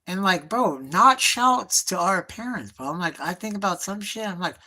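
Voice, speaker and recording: A man's voice: sits high, animated, normal speed, hardly any pauses, bright, forceful tone. A middle-aged man streaming himself drawing, telling rambling nostalgic stories in profane slang and calling his listener bro and dog. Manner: nostalgic storytelling, trailing off and restarting. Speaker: artist streaming live. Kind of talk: rambling casual monologue.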